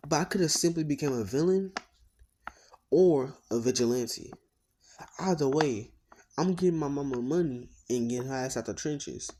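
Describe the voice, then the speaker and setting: A man narrates a fan-made story in a loose, casual way at an ordinary middle pitch. He rambles, drops slang and swears, and breaks off for asides. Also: moderate pace, mellow, slight background noise.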